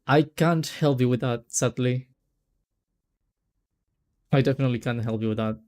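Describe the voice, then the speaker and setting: Male streamer, mellow tone, rambling casual chat, trips over names. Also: medium pitch, normal speed. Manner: rambling, stumbles over names, laughs often. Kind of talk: casual let's-play chat.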